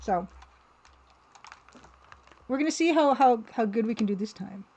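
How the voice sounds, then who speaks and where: A woman's voice: a little high, lively intonation, unhurried, dark tone, slightly rough, lo-fi sound. A woman livestreaming as an artist, chatting casually and playfully, with easy laughter. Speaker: livestreaming artist and game developer.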